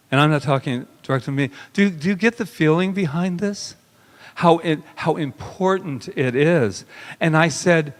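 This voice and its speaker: A male minister giving a sermon, talking intimately and emotionally, sliding from soft murmurs into raised bursts. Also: on the high side, unhurried. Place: spiritual center sanctuary. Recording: long hall reverb.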